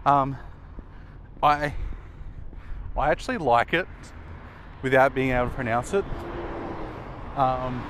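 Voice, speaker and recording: A young Australian man talks in a loose, rambling way, trying names out loud and laughing at himself. His voice sits at an ordinary middle pitch. He is outdoors in a built-up area, with clear traffic noise behind him. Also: slow pace, pauses often. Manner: chatty, sounds names out, self-mocking asides. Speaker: video creator rating player names. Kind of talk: casual rambling commentary.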